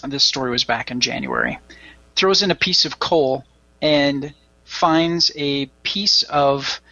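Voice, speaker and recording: A man with a gravelly, bright-edged voice tells a story on a casual podcast, rambling and pausing often. The sound is dry and a bit dull, like a lo-fi mic. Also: mid-range voice, sing-song, no room sound. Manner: rambling storyteller, halting with fillers. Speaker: podcast co-host.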